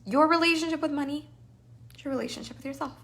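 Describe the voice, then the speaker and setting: A woman business coach teaching a live masterclass, animated and playful, acting out the voices in people's heads. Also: high voice, fast.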